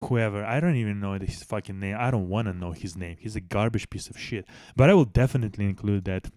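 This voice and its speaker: A man's voice: fairly low pitch, fast, a little mellow, no echo, clean studio sound. A man hosting a news commentary channel in casual, blunt style, swearing heavily and restarting sentences, speaking English as a second language. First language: not English.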